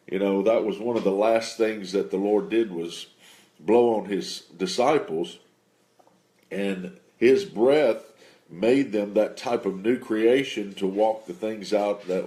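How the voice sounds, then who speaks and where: Man, lowish voice, testimony storyteller; unhurried, halting delivery full of fillers. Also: a little mellow. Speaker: preacher telling a testimony. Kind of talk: personal faith testimony.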